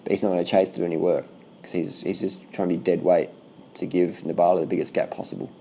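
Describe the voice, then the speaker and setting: Gravelly low-voiced man, casual race chatter. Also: fast talker, a little hiss or hum, poor audio. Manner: swears freely, talks in loose animated bursts. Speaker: cycling vlogger commenting on race footage. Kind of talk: casual reaction commentary.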